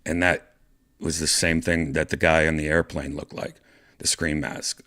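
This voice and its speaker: A man with a very low, deep voice tells a story on his podcast. He rambles casually, swears freely, and keeps restarting his sentences with fillers along the way. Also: level tone, normal speed, pushed and bright. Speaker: podcast host.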